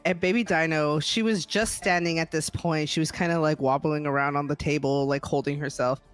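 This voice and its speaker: A man's voice: a little high, fairly even intonation, a little fast, a bit bright, soft background music. A man recounting a story in casual chat with friends on a stream.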